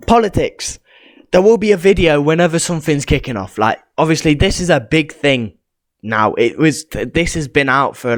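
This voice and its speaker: A young man from England, rambling through casual vlog commentary and reading haltingly off his screen. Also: mid-range voice, no room sound. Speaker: YouTuber.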